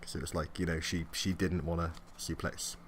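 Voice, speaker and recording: A young man with a very low voice, recapping wrestling with a co-host in loose, chatty fashion. He laughs a lot and slips into quick impressions of the people he talks about, with a faint hiss under the recording. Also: flat delivery. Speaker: podcast co-host. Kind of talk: casual wrestling review chat.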